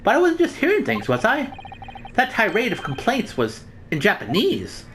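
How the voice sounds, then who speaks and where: A woman's voice: a little high, wildly swooping pitch, normal speed, a little hiss or hum. Woman voicing a polite, formal young female assistant. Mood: worried. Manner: courteous, formal.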